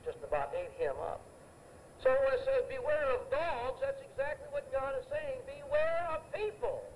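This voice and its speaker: A man's voice: very high-pitched, big pitch swings, moderate pace, a little hiss or hum, poor audio. An older man preaching a sermon, emphatic and anecdotal, repeating phrases for effect.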